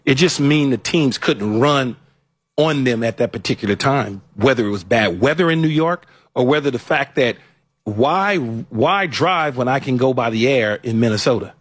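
A man's voice: medium pitch, lively intonation, moderate pace, slightly rough, no echo. A man co-hosting a live sports betting broadcast, talking emphatically and repeating himself as he breaks down the game. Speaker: sports betting show co-host.

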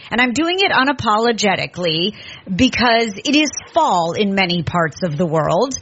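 A woman's voice: mid-range voice, very animated, normal speed, a bit bright, dull audio, a little hiss or hum. A woman hosting a food show, talking casually and with enthusiasm, lingering over descriptive words. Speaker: food podcast host. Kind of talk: casual chatty monologue. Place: Southern California.

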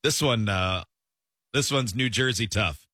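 A man hosts a relaxed radio chat, reading listener messages in a bright, forward voice. His delivery is easygoing and breaks into chuckles, recorded dry and close on a studio mic. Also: lowish voice, measured pace, no room sound. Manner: easygoing, chuckling between bits. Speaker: radio show host.

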